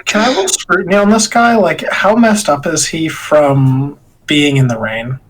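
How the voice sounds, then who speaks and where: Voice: mid-range voice, measured pace, poor audio. A player in a tabletop game, talking casually with many fillers. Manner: casual, filler-heavy talk.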